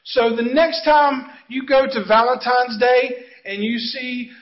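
A pastor preaching an earnest, conversational sermon. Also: male voice, extremely high pitch, fairly even intonation, slow, lo-fi sound.

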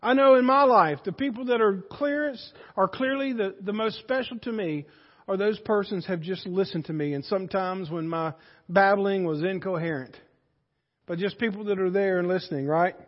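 A man preaching a Sunday sermon, his voice pitched very high for a man. He tells homespun stories and builds to loud points of emphasis. The sound is dull and muffled, with long reverb from a church sanctuary. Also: moderate pace. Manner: folksy storytelling preacher, rising to loud emphasis. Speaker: pastor.

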